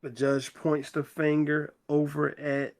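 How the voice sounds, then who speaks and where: Slow-talking man retelling a novel. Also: fairly high pitch, completely flat delivery. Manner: slow, conversational retelling with quoted dialogue read in plain voice. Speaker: book club podcast host. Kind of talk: reading and retelling a novel in casual chat.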